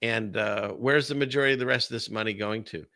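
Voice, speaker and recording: A man's voice: lowish voice, fast, bright, forceful tone, no echo, clean studio sound. A man hosting a casual livestream of political commentary, rambling and sarcastic, often laughing between remarks. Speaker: host of a political commentary stream.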